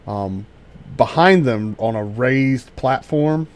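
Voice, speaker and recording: Acting as game master for a tabletop game, a medium-pitched man narrates haltingly, full of fillers and restarts.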